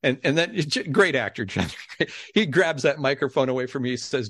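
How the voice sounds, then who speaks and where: A middle-aged man, a podcast guest, telling a story in a lively way and acting out the people in it. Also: mid-range voice, fairly quick, no echo, clean studio sound. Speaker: podcast guest, game show announcer. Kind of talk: animated storytelling.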